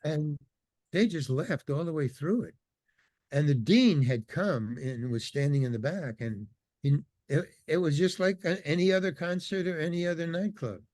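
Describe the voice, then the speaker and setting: A man's voice: fairly high pitch, moderate pace, a little mellow, no room sound. An older man, a podcast guest, telling a long anecdote in casual talk and acting out other people's lines. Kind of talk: casual storytelling interview.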